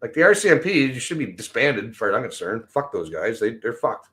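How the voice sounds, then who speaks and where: A man's voice: mid-range voice, big pitch swings, fairly quick, fairly bright tone. A man ranting casually and bluntly on a livestream, swearing often and drifting from topic to topic. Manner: profane, rambling and blunt. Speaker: livestream host.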